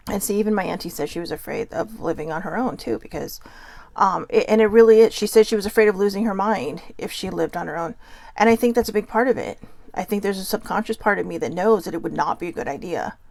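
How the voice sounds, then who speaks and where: Host from Southern California, female, rambling chatty delivery, gravelly edge, dry close sound. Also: medium pitch, no room sound. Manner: chatty, rambling, laughs often, many fillers. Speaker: podcast host. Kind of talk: casual storytelling monologue.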